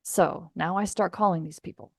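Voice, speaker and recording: A woman podcast host telling a story in a chatty, animated way, full of fillers. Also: on the low side, normal speed, vocal fry, no room sound, clean studio sound. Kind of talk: casual storytelling.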